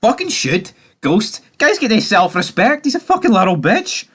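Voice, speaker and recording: A man's voice: high voice, huge pitch swings, normal speed, a bit bright, husky. A man giving a casual, profanity-heavy TV recap, opinionated and mocking. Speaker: TV series recapper.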